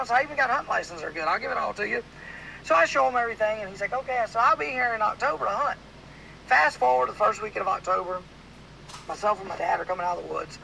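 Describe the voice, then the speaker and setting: A man from Louisiana with a drawl hosts a casual podcast and tells a hunting story, rambling animatedly and stuffing it with "like." His fast voice is high, sharp and bright with a gravelly edge, and the poor audio carries a faint hiss.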